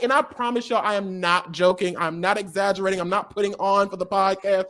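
A young man co-hosting a casual talk show, swearing freely and laughing through his stories. He tells his anecdotes with lively energy. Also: high-pitched, a little fast, hardly any pauses. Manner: profane, laughing, animated storyteller. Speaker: co-host. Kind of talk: casual podcast chat.

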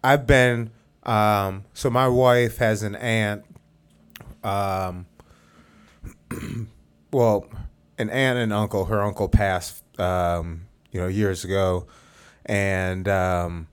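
Male podcast host, lowish smooth voice, rambling casual storyteller. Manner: rambling storyteller, many fillers and restarts.

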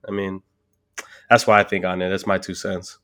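A veteran man sharing his opinion in casual podcast talk, halting and full of fillers. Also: deep voice, flat delivery, a bit bright. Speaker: military veteran podcast guest.

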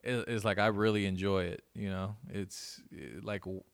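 A man's voice: fairly low pitch, steady tone, moderate pace, gravelly. A man in his thirties, a guest DJ chatting casually on a podcast, laid-back and swearing, with lots of restarts.

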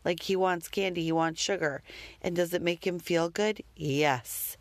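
Woman, lowish voice, rambling candid monologue, self-critical, occasional swearing, dry close sound. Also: steady tone, measured pace, dry recording. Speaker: parent.

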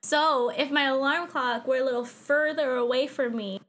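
A young woman with a high, light voice chats casually as a podcast co-host. She rambles, trails off mid-thought, strings her ideas together with fillers, and laughs easily. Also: steady tone, a bit bright. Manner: rambling and chatty, full of "like" and quick laughs. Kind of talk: casual chat.

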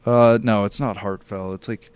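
A man's voice: fairly low pitch, fairly even intonation, moderate pace, smooth, no echo. A man co-hosting a podcast in casual chat, telling stories loosely with lots of filler words and laughter. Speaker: podcast co-host.

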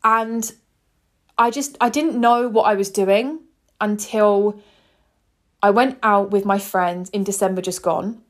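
A woman's voice: mid-range voice, fairly even intonation, slow pace, pauses often. A woman in her twenties, hosting a podcast and telling a personal story in an earnest, heartfelt, chatty way. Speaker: podcast host.

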